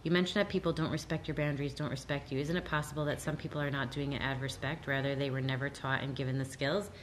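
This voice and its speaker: A woman with a low, deep voice answers audience questions as a therapist, earnest and reassuring. She livens up when she acts out what people might say. A soft hum of the room sits faintly behind her. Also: quick pace. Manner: earnest, reassuring, lively when quoting others. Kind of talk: live Q&A talk.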